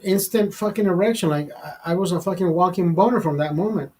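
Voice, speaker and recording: A man's voice: high voice, a little fast, darkish tone, breathy edge, rough recording. A man hosting a live stream, telling a personal story in a rambling, profane way full of fillers and restarts. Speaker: show host telling a story. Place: studio.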